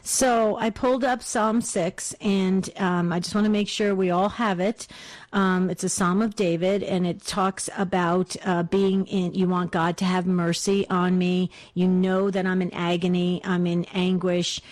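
A woman's voice: lowish voice, little pitch movement. A woman hosting a religious call-in radio show, speaking earnestly and encouraging listeners and callers. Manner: warm encouraging, slow and earnest. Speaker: radio host.

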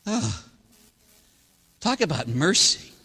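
A man, a priest, giving a sermon and telling stories in an animated way, acting out the people he quotes. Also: on the high side, takes it slowly, breathy edge, in a large hall. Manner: animated storytelling, voicing others in quotes.

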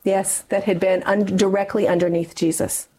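A woman's voice: mid-range voice, flat delivery, moderate pace, a little mellow, poor audio. A middle-aged woman, a guest in an interview, telling a personal story earnestly, with many fillers and restarts.

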